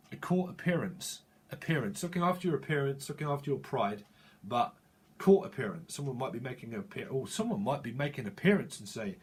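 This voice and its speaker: A man with a husky voice of middling pitch talks through a tarot reading. He drifts from word to word in loose, free-associating wordplay, chuckling between thoughts. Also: a little mellow. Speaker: tarot reader.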